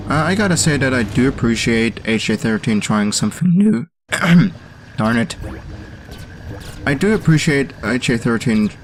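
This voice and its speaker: A young man with a German accent giving let's-play commentary on game levels, halting and full of pauses and fillers. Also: medium pitch, slight background noise. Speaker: host reviewing community game levels.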